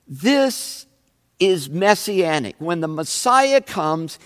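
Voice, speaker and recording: A male pastor delivers a sermon at an unhurried, measured pace. His voice sits somewhat high, and he drives home his points with emphatic, searching questions. The sound carries a long reverb, as in a large sanctuary. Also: animated. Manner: slow, emphatic preaching with rising questions.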